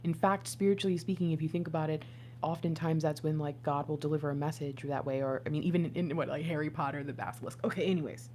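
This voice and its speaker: An excitable woman giving a casual tarot reading, swinging from loud exclamations to hushed whispers. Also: low-pitched, fast, slight background noise. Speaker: intuitive tarot reader.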